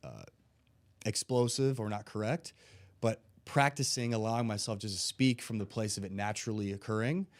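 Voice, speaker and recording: A man with a somewhat low voice talks through a relaxed podcast conversation. He tells stories animatedly and swears casually, in an easygoing coaching tone. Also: moderate pace. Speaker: guest, life coach and former football player.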